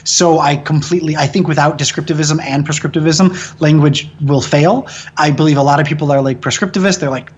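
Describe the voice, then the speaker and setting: A man in his thirties with a fairly high voice, chatting as an interview guest. He talks in an animated, opinionated way, swears freely and mimics other people with mocking voices to make his point. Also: a little fast, husky, dull audio. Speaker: film director and guest. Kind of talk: casual interview chat.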